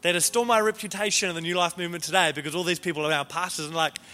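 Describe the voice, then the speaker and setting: Bright, high-voiced man preaching in a hall. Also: rapid-fire. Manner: animated, repeats words at the start of phrases. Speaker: pastor. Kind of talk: sermon storytelling. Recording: reverberant hall with faint music.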